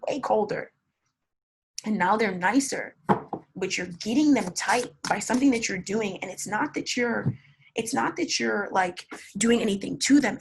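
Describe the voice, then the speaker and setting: Woman, young adult, tarot reader, casual, blunt, repetitive emphasis, husky. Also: medium pitch. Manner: blunt, swears, repeats words for emphasis.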